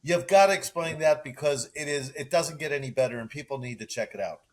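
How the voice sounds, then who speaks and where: A man's voice: on the high side, a little fast. A man hosting a podcast, asking his guest questions with enthusiasm and many restarts. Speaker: podcast host. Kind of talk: casual interview chat.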